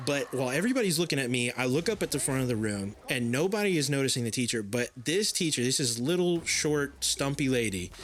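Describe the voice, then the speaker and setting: A young adult man hosting a casual podcast chat, telling stories in an animated, rambling way. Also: medium pitch, quick pace, few pauses. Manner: animated storyteller, talks in long rambling runs.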